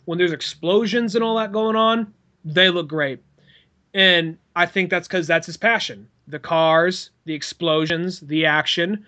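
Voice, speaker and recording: A man's voice: high-pitched, unhurried, bright, forceful tone. A man co-hosting a podcast, talking casually in a loose, rambling way with swearing. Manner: rambling, swears, puts on silly voices. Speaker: podcast host. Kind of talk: casual chat.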